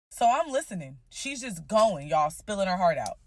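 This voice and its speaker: A woman telling a story in a casual vlog, blunt and profane, animated and fired up. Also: mid-range voice, normal speed, no room sound, clean studio sound.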